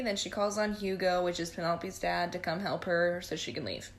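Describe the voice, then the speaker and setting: A woman's voice: fairly low pitch, brisk, a little hiss or hum. A young woman recapping a movie casually, sarcastic, profane and rambling. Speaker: vlogger.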